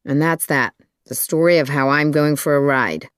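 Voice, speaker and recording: An audiobook narrator reading a thriller in an even, measured storytelling manner. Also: medium pitch, smooth, no echo, clean studio sound.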